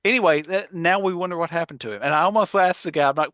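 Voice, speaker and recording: Bright, lively man telling stories. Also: sits high, racing, dry recording. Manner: animated storyteller, acts out voices, laughs often. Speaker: podcast co-host. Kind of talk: casual chat.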